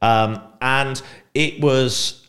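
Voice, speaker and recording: A man's voice: mid-range voice, steady tone, extremely slow, a bit bright. A middle-aged man, telling stories as a podcast guest in a chatty, rambling way full of fillers. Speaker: podcast guest, Pride co-founder. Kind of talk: casual storytelling.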